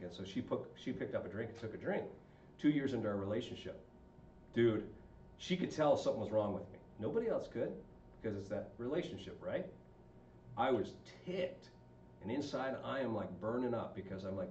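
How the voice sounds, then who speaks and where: In an informal talk on marriage and relationships, a man keeps asking his audience questions. His voice is on the low side, expressive and a little mellow, moving a bit fast. Echo, dullness, and slight background noise come from a room recorded far from the mic.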